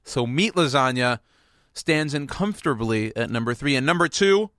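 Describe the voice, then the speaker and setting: A man's voice: medium pitch, expressive, normal speed, fairly bright tone, dry recording. A man hosting a radio show, chatting casually in a rambling, playful, self-mocking way at a studio microphone.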